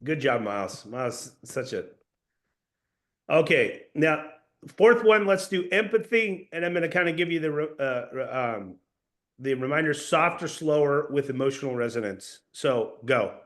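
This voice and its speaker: A man coaching a sales team in a casual, energetic way, often calling people "dude" or "bro". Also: on the high side, moderate pace. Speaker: sales trainer.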